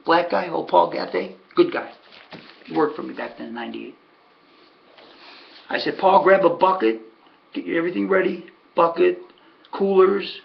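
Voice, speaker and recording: A man's voice: sits high, vocal fry. A man casually telling a long story as a podcast host, acting out what others said. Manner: animated, acts out quoted voices. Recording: dull lo-fi audio.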